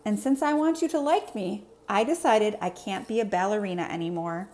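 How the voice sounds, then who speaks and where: A woman's voice: medium pitch, fairly quick, darkish tone, slight background noise, natural voice. A woman voicing an earnest young girl who dances ballet, in a storybook read-aloud.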